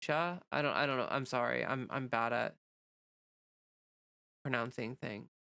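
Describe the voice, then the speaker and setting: Bright, crisp-voiced woman streamer. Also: extremely low pitch, steady tone, no echo. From United States. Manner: rambling, halting, many fillers and restarts; reads chat comments aloud and greets viewers. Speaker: livestream host. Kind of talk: casual livestream chat.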